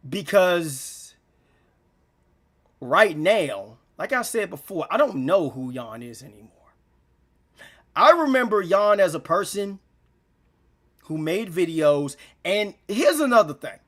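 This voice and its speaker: Brief: young male vlogger, high voice, rambling heartfelt monologue, on the edge of tears. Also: sing-song, takes it slowly, pauses often, fairly bright tone. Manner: rambling, repeats himself, slangy. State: near tears. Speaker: gaming channel vlogger. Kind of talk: emotional unscripted monologue.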